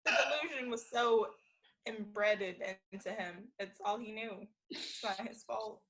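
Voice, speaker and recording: A woman co-hosting a casual chat podcast over a remote video call, animated and quick to laugh. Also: medium pitch, rough recording. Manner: animated, enthusiastic, laughs often. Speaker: podcast co-host.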